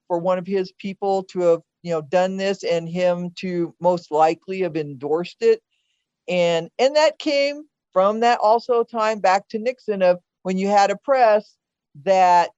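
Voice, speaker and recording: This is the host's mother, an older woman chatting casually about politics on a podcast. Her mid-range voice is a little mellow as she talks earnestly and opinionatedly about past elections, often restarting sentences, in a dull, dry recording with no echo.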